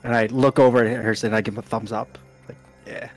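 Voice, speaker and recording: A man's voice: medium pitch, flat delivery, fast, soft background music. A man playing a tabletop game, telling a casual story in character. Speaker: player.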